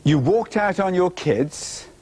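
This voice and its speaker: A man delivering a slow, confronting rundown of someone's life in a submitted clip. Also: high voice, lively intonation, heavy background noise.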